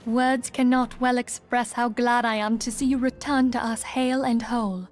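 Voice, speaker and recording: A woman's voice: fairly high pitch, fairly even intonation, normal speed, soft background music, close to an everyday voice. A woman voicing a gracious, earnest leader. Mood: warm. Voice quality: formal, gracious phrasing. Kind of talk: video game voice acting.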